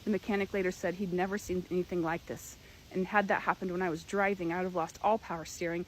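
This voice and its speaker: A young woman earnestly telling a personal story, with emphatic, dramatic pauses. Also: on the low side, fairly even intonation, slight background noise, rough recording. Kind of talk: personal story told to camera.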